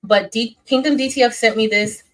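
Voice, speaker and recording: Her voice sits a little high and runs a little fast, with noise audible in the background. She's a young woman hosting a laid-back craft livestream, calling out viewers by name while her sentences drift off and start over.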